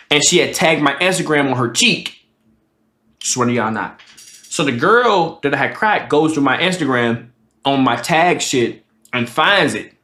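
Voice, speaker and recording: A man in his twenties telling a crude personal story in casual storytime style, profane and animated, acting out the voices of others. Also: on the high side. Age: 20s. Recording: roomy echo.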